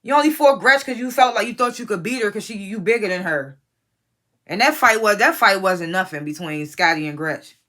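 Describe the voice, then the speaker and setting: A woman with a bright, forceful voice and a mid-range pitch runs through a reality-show episode in casual commentary. She is blunt, swears freely and talks straight at the cast members she is criticizing. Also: expressive, a little fast. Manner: blunt, profane, opinionated. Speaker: reality TV reviewer.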